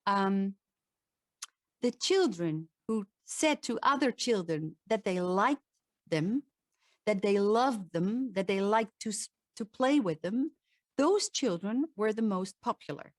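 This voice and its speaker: A woman's voice: medium pitch, animated, slow pace, no room sound. A woman speaks as a voice coach giving a presentation, taking her time over each phrase. She is earnest and demonstrative, often restarting a word mid-sentence. The sound is close and dry, with no room around it. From Netherlands. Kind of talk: presentation talk.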